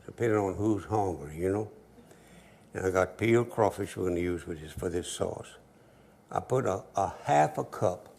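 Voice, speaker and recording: A man's voice: lowish voice, creaky, darkish tone, slight background noise. An older man hosting a cooking show, talking easygoing and joking as he cooks and tells stories. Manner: easygoing, joking, dialect grammar. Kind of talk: folksy cooking demonstration with storytelling.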